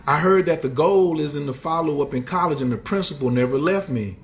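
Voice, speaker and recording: Talking fairly quickly over a little hiss or hum, a man acts as livestream host and motivational speaker in a casual stream. His streetwise slang, animated manner and swinging pitch come through as he greets chat viewers.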